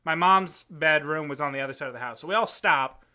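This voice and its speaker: A man's voice: a little high, a little fast. A young man, a podcast host, telling a story in casual chat and laughing often as he goes. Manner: animated, laughs often while telling stories.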